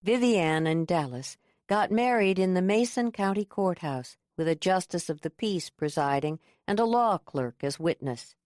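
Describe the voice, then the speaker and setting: This female audiobook narrator reads a scripted story in an even, measured way. Her voice is lowish, and the studio-quality recording is dry.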